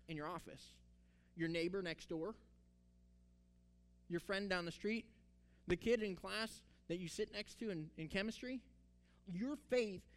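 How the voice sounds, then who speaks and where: A man preaching a sermon, telling the story with animation and acting out the characters' words. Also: fairly high pitch. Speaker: pastor.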